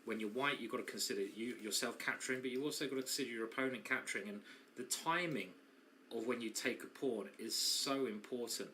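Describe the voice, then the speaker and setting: Man, chess commentator, bright tense voice, chatty, self-mocking, laughs a lot, live broadcast banter. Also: mid-range voice, fairly quick, a little hiss or hum.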